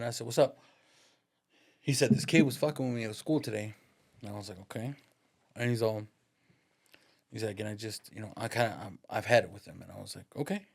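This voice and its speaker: A man's voice: fairly low pitch, gravelly. Profane, slangy man telling a story. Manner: profane, slangy street talk; lively, acts out the voices in his stories. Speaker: podcast guest, barber. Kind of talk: casual storytelling.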